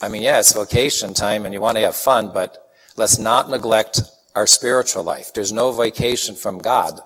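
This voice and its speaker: A man from Chicago delivers a sermon in a fairly low voice, telling homely anecdotes and acting out the people in them. His voice carries a long reverb from a large hall. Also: moderate pace, husky. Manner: folksy, animated anecdotes with acted-out quotes. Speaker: preacher. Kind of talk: sermon with storytelling.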